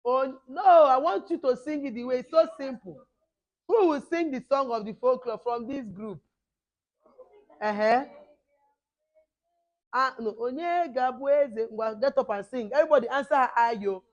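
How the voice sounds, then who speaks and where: A middle-aged woman with a hoarse voice, leading children at a camp in lively call-and-response. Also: sits high, normal speed, pauses often, lo-fi sound. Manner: animated, call-and-response, mixing two languages. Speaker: camp teacher.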